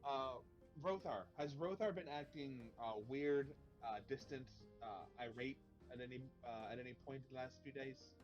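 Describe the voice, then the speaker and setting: A man playing a tabletop role-playing game, talking in character in a flattering, rambling way with stammering restarts. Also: mid-range voice, moderate pace, muffled recording, soft background music. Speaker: player.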